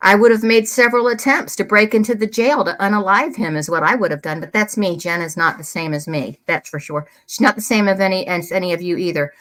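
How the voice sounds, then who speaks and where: A woman talks to her viewers in a casual, heated way, blunt and quick to swear. She sits close to a desk microphone while she reads and reacts to messages. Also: medium pitch, fairly bright tone. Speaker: true crime commentator. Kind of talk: casual commentary reading emails.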